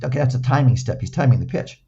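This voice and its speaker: A man's voice: medium pitch, expressive, fast, vocal fry, dark tone, breathy edge, highs cut off. An older man recovering from a stroke tells playful anecdotes, repeating words and acting out the dialogue. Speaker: guest. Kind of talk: casual anecdotal storytelling.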